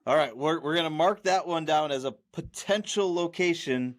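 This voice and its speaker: A man's voice: fairly high pitch, moderate pace. A man co-hosting a podcast in casual chat, rambling with many restarts and fillers. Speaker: podcast co-host.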